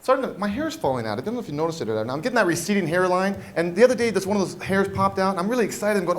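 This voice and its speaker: A man doing a stand-up comedy set on a club stage, talking animatedly and jumping into loud character voices. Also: high-pitched, animated, rapid-fire. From Washington State, US. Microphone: handheld stage mic.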